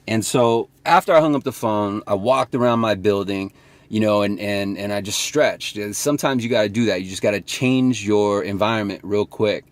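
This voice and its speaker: Young male sales vlogger, loose and rambly, slightly low voice, recorded in his car. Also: a little fast, no echo. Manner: casual, rambling, swears, acts out calls. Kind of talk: casual motivational talk.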